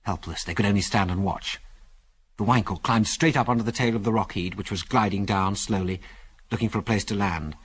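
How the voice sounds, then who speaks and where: A man's voice: fairly low pitch, brisk, breathy edge. A man narrating an adventure story in a dramatic, storytelling manner. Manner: dramatic storytelling, animated delivery.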